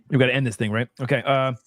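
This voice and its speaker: A man's voice: mid-range voice, steady tone, a little fast, no echo, studio quality. A man hosting a casual whiskey tasting panel, bantering, swearing and laughing as he reveals his rankings. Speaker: host.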